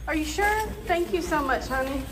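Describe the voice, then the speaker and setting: A woman hosting a casual vlog outdoors, gushing with excited exclamations while filming on a handheld phone. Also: sits high, normal speed, over loud music. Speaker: couponing channel host. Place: outdoors in a parking lot.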